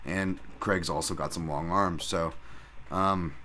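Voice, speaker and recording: A man hosting a solo podcast who talks in rambling, profane, animated rants. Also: deep voice, slow pace, slight background noise. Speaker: podcast host and fight analyst.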